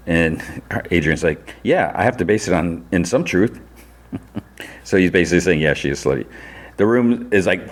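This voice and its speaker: A man with a very low, deep voice hosting a casual podcast. He retells a TV episode scene by scene with plenty of fillers. He jumps up in pitch to act out each character's lines. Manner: loose storytelling that acts out characters' lines in a raised voice; many fillers like "you know" and "like". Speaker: podcast host recapping TV episodes.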